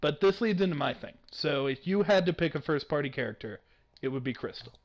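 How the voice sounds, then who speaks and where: A young man hosts a casual gaming podcast, talking fast and excitedly. He swears freely and laughs often. His voice sits a little high for a man. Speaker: podcast host.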